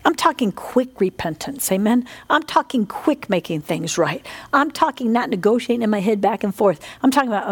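A woman's voice: fairly high pitch, moderate pace, few pauses, breathy edge. A middle-aged woman preaching a fervent sermon, often asking her listeners for an "Amen". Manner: fervent, animated, asks the congregation "Amen?".

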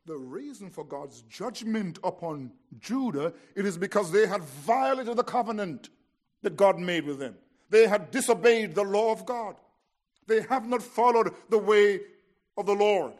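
A man preaching an expository sermon, telling the story with drama and swinging between hushed lines and emphatic ones. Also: sits high, animated, moderate pace.

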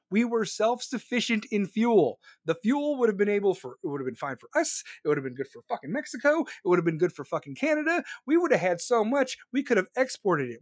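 A furious man with a high voice rants about politics as a podcast host. He swears constantly and fires off angry questions. The sound is close and dry, with no room around it. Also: no room sound. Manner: profane, furious, shouting questions.

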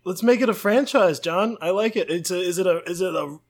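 A man joking around on a comedy podcast in a put-on raspy ghoul-like voice. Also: high-pitched, brisk. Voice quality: gravelly put-on ghoul-like rasp. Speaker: podcast co-host. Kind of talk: casual comedy chat.

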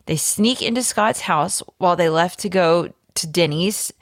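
A woman podcast host reading a fan theory aloud, with lively storytelling emphasis. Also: fairly low pitch, a little slow, no echo, studio quality.

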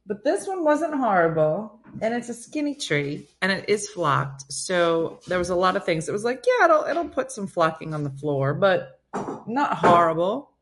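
A woman with a fairly low-pitched voice hosts a casual live stream, chatting and telling stories while reading viewer comments aloud and responding to them. There's a little hiss or hum.

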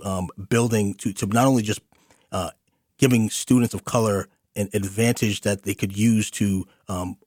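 This is a man with a lowish voice, recorded at studio quality with no echo. He hosts a community radio interview program and talks earnestly, often restarting and using plenty of fillers.

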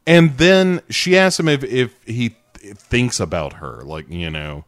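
A man's voice: mid-range voice, expressive, unhurried, hardly any pauses, no echo, clean studio sound. A man in casual podcast chat, recapping a TV scene in a playful way and often laughing.

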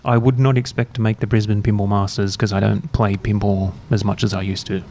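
A man hosting a podcast, chatting in a relaxed, rambling, self-mocking way while drinking beer. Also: fairly low pitch, fairly quick, slight background noise. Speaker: podcast host. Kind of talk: casual chat. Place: university room, drinking beer.

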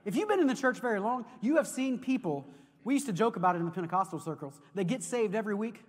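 A man preaching a sermon as pastor, telling stories in an animated way and often repeating words as he goes. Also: sits high, fast talker. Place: church sanctuary. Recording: long reverb of a large hall.

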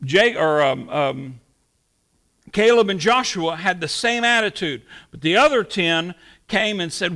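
A man's voice: high voice, animated, unhurried, sharp tone. A man preaching a sermon, teaching verse by verse in a conversational way with emphatic rises. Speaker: pastor.

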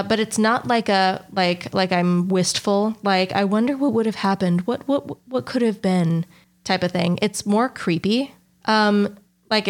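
A woman in her thirties, co-hosting a podcast, tells a rambling story with lots of fillers and casual swearing. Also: mid-range voice. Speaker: podcast co-host.

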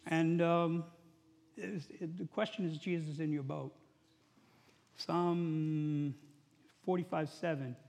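A male pastor preaching a sermon in a church, talking conversationally and building to loud, emphatic peaks. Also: a little high, steady tone, slow pace, gravelly, long pauses. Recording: long hall reverb.

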